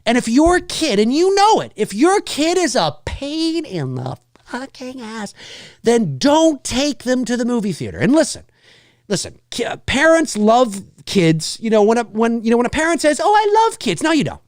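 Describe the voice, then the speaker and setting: A man's voice: very high voice, big pitch swings, normal speed, dry recording, clean studio sound. A man hosting a livestream show, ranting casually with exasperation, swearing freely and mimicking noisy children.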